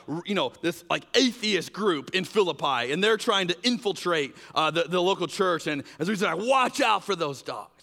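A man's voice: high-pitched, vocal fry, big-room sound. A man preaching a sermon as pastor, conversational with fillers, acting out quoted exchanges in changing voices. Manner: animated, acts out quoted exchanges with shifting voices; conversational, uses fillers like "like" and "you know".

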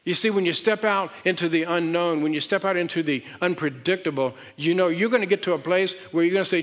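A middle-aged man with a Southern accent preaches to his congregation in an easy, conversational way, doubling up words as he builds emphasis. His voice sits a little high for a man. The big church auditorium leaves a long reverb trailing after each phrase. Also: quick pace, hardly any pauses, a bit bright. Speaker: pastor. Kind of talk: sermon.

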